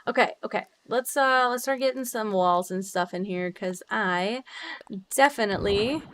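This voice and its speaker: A woman's voice: moderate pace, a bit bright, slight background noise. Bubbly young woman streamer, swears freely. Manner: bubbly, swears freely, laughs often, big jumps in pitch. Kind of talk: casual livestream chat while gaming.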